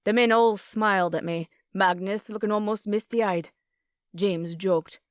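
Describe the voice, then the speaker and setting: A woman narrating a romantic comedy audiobook in first person with steady, even storytelling. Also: mid-range voice, unhurried, no room sound, studio quality.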